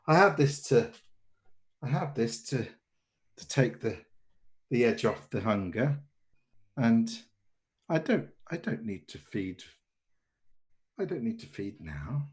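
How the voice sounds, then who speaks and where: A man voicing a sinister, hungry creature posing as a man in a tabletop horror game, speaking in a halting, muttering way. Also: fairly high pitch, animated. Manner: halting, muttering, repeats himself.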